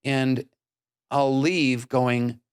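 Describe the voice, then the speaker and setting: A middle-aged man hosting a podcast, talking in an animated, self-deprecating way. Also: mid-range voice, extremely slow, smooth, no echo, clean studio sound. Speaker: podcast host. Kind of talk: casual interview conversation.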